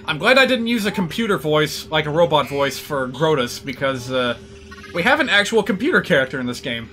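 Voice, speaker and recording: A man's voice: fairly high pitch, big pitch swings, fairly quick, pushed and bright, soft background music. A man giving casual, joking commentary while streaming a video game. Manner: chatty, joking asides with laughs.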